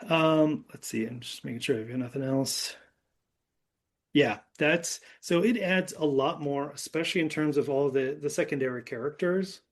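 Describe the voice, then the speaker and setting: Speaking at a moderate pace, a man whose voice sits on the high side hosts a podcast. He recaps a film loosely and ramblingly, with plenty of fillers, in a casual movie discussion.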